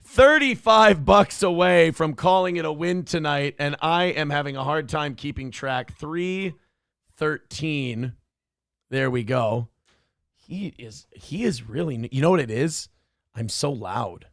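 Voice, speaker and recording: A man hosting a casual livestream, rambling excitably with crude jokes and cooing to his dog. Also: on the high side, measured pace, creaky, no room sound, clean studio sound. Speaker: livestream host.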